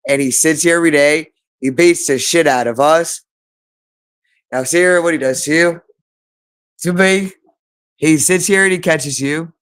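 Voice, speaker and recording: A man's voice: fairly high pitch, fairly bright tone. A man delivering an agitated, rambling monologue, repeating himself and swearing often. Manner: agitated, repetitive, profane.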